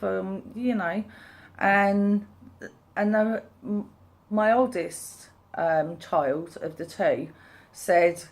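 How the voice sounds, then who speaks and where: A woman's voice: medium pitch, very slow, darkish tone. A woman in her thirties tells a personal story in a casual, rambling way, full of fillers and restarts. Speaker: vlogger.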